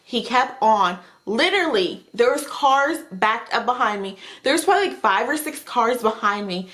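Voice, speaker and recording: A young adult woman vlogger telling a story in a casual, animated, chatty way. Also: fairly high pitch, normal speed. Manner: animated, chatty retelling with frequent "like".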